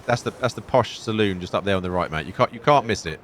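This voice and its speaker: A man's voice: lowish voice, expressive, fast talker, fairly bright tone, slight background noise. A man chatting matily with friends over game voice chat, swearing and stumbling over his words. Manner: matey and swearing, stumbling restarts.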